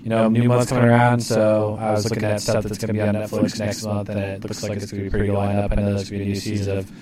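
A man co-hosting a casual podcast, talking in a relaxed, hesitant way and trailing off at times. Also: on the low side, rapid-fire, crowd noise. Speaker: podcast co-host. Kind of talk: casual chat among friends.

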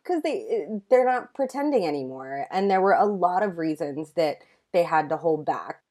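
Woman co-host, casual recap chat, gushing and chatty, slightly low voice. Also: animated, moderate pace, warm tone. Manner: gushing, enthusiastic, lots of "like". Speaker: podcast co-host recapping a show.

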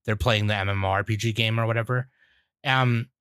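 A man's voice: on the low side, steady tone, brisk, fairly bright tone, clear, resonant tone, dry recording. A man co-hosting a podcast, rambling casually and laughing often. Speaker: podcast co-host. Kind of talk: casual chat. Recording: dry.

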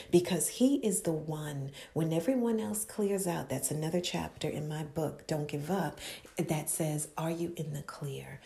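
Her low-pitched, creaky voice carries an intimate, impassioned sermon; this author preaches inspiration, frequently dropping to a whisper and building with repeated exhortations.

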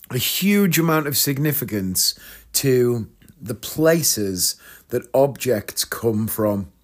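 A man, a magician, chatting through a casual story and acting out his punchlines. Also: medium pitch. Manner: chatty, self-deprecating, acts out punchlines.

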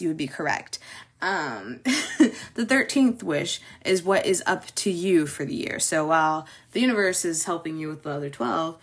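A woman's voice: lowish voice, breathy edge. A young adult woman hosting a casual chat, talking loosely with many fillers and small laughs. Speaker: host. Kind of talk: casual chat about New Year's traditions.

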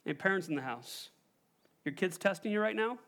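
A pastor preaching a sermon, emphatic and direct, often asking the congregation questions. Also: male voice, high-pitched, expressive, a little fast, fairly bright tone, a little hiss or hum.

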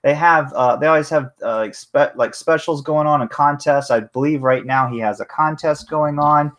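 A man's voice: fairly high pitch, moderate pace, a bit bright. Laid-back swearing male podcast host. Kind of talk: casual group chat.

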